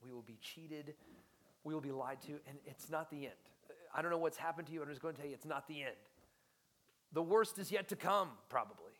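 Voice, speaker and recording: With a fairly high pitch and a fairly quick delivery, a young pastor delivers a passionate sermon. His voice surges into loud emphasis, then falls away to near-whispers.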